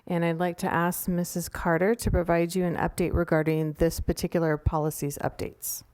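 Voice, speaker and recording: A woman with a smooth, clear voice introduces the next agenda item in a formal, procedural manner. Her voice sounds close and dry. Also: lowish voice, flat delivery, moderate pace, darkish tone, no room sound. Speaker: meeting chair. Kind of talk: formal meeting chairing.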